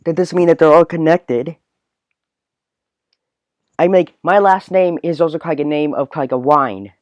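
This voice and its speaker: A man's voice: on the high side, fairly even intonation, moderate pace, darkish tone, no room sound. A man hosting a solo podcast, ranting in a rambling way full of filler words. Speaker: podcast host. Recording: dull, dry, lo-fi recording.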